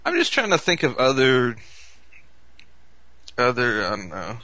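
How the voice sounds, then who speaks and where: Animated, bright-voiced young man. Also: medium pitch, unhurried. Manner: animated, profane storytelling. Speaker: podcast co-host. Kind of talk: casual chat. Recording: dull lo-fi podcast recording.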